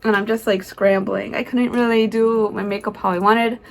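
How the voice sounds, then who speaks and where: A woman narrating a casual vlog in a chatty, excitable way, full of fillers like "um" and "like.". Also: mid-range voice, normal speed, vocal fry, a little hiss or hum. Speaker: concert vlogger.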